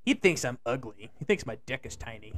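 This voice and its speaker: A man's voice: mid-range voice, lively intonation, a little fast, fairly bright tone. A young man co-hosting a podcast, joking loosely and swearing in casual banter. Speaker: podcast co-host.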